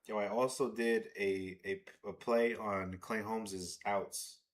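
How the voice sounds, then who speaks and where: A man hosting a live baseball watch-along stream, excitable and swearing as he talks to his chat. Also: on the low side, slow pace. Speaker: livestream host.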